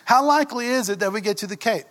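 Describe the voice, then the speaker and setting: A man's voice: sits high, fast talker, fairly bright tone. A middle-aged man with a Southern US drawl preaching a sermon in a church, earnest, often asking the congregation questions. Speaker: pastor. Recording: echoey church hall.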